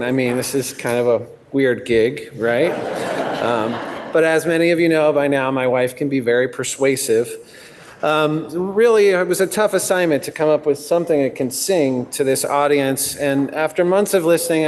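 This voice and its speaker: A middle-aged man, a guest singer, giving an earnest introduction in a large legislative chamber, halting with frequent ums. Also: a little high, a little hiss or hum. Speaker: guest singer leading a devotional. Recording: long hall reverb, faint music behind.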